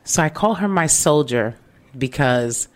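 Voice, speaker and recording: A woman with a low voice co-hosts a casual heart-to-heart chat. She tells her stories with animated energy and acts out the voices of the people in them, swinging between hushed moments and excited bursts. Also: a little slow. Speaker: podcast co-host.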